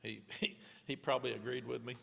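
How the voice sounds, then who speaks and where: A man in his seventies, a head coach answering press questions candidly, rambling with restarts in a gravelly voice. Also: medium pitch, steady tone, a little fast, fairly bright tone, long reverb tail. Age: 70s. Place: press conference room.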